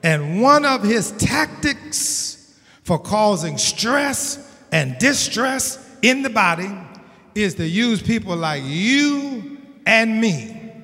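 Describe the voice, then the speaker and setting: A man preaching a sermon as pastor, building to shouted emphasis with a call-and-response cadence. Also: sits high, big pitch swings, slow pace. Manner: preaching with rising, shouted emphasis and Southern Black church cadence. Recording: long hall reverb.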